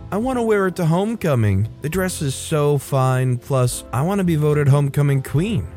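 A bratty, self-centered teen girl with a high, nasal whine, done by a man reading a story aloud. She brushes everyone off and never stops pushing for what she wants. Soft music plays faintly underneath. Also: expressive, normal speed, lightly acted. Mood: whiny, dismissive. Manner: whiny, dismissive.

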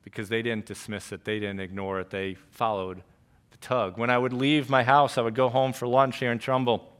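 A middle-aged male pastor from New York, preaching a sermon as a story, dropping to a hush and then rising loud again. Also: mid-range voice, level tone, moderate pace, clean tone.

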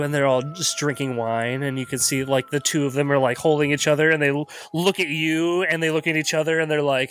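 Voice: medium pitch, moderate pace, fairly bright tone, soft background music. A laid-back game master narrating a tabletop game, laughing often.

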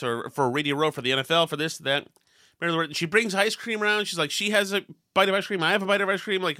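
A man's voice: fairly high pitch, bright, forceful tone, no echo, studio quality. A man hosting a podcast, telling a self-deprecating story in casual chat and acting out the quotes with lots of animation. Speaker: podcast host.

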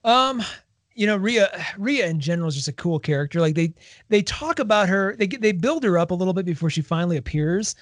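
A man co-hosting a casual chat, retelling scenes with lively acted-out quotes. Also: sits high, a little fast, no room sound, studio quality. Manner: animated storyteller, acts out quoted lines. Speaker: podcast co-host. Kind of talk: casual chat about a book series.

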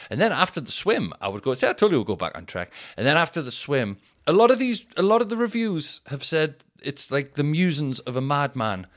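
Young guy doing his comedy podcast, rambly, sweary, self-deprecating, normal pitched voice. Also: fairly bright tone. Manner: digressive, swearing, self-mocking. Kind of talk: rambling comic monologue.

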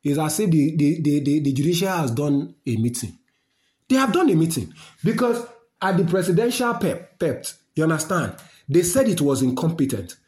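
A man's voice: on the high side, very animated, normal speed, darkish tone. A man with a Nigerian accent, delivering a fiery, rambling political rant to his listeners. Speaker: political commentator. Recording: roomy echo.

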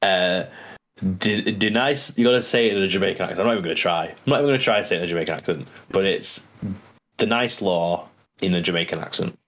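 Easygoing man, lowish voice. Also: very fast, a bit bright. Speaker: podcast co-host. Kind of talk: casual podcast chat.

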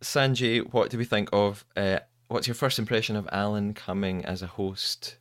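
Low-voiced man hosting a chatty podcast. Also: fairly even intonation, moderate pace, no room sound, clean studio sound. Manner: chatty, asks questions, laughs easily. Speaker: podcast host. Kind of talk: casual chat.

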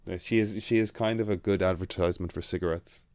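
A man's voice: low-pitched, steady tone, quick pace, darkish tone, no echo. A man hosting a casual podcast chat, rambling and swearing freely. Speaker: podcast host.

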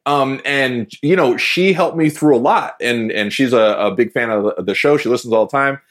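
A man's voice: mid-range voice, normal speed. A man hosting a podcast interview in casual chat, talking with frequent restarts. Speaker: podcast host.

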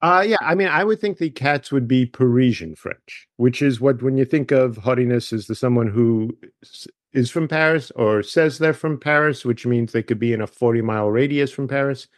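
A man guest chatting loosely in an interview, his voice neither high nor low. He rambles happily into side tracks before finding his way back. The sound is close and dry, with no room around it. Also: moderate pace, no room sound. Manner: chatty, wanders into tangents. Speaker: author guest. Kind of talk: casual interview chat.

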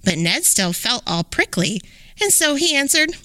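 A woman hosting a podcast, reading a rhyming children's story aloud in an expressive, sing-song way. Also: high-pitched, unhurried, no room sound. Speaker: podcast host.

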